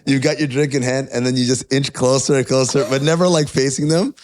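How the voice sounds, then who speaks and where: A middle-aged man co-hosting a podcast, telling animated stories in casual chat and laughing often. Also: mid-range voice, fairly quick. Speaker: podcast co-host.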